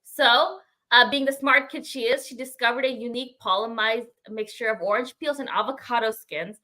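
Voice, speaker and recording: Woman co-host doing her podcast segment, kinda high and bright, lots of ums. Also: brisk, rough recording. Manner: laughs often, reads notes with many ums. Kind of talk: casual chat and prepared segment.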